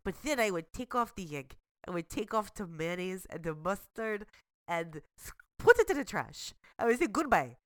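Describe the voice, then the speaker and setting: A woman's voice: medium pitch, sing-song, moderate pace, no echo, clean studio sound, natural voice. A woman putting on an exaggerated fake Russian accent for a comedy bit, speaking in stiff, broken phrasing. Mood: deadpan. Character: woman doing a mock Russian skeptic.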